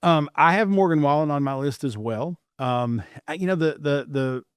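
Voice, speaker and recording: A man's voice: a little high, normal speed, clear, resonant tone, no room sound, studio quality. A man co-hosting a podcast in casual chat, laying out his opinions with frequent restarts.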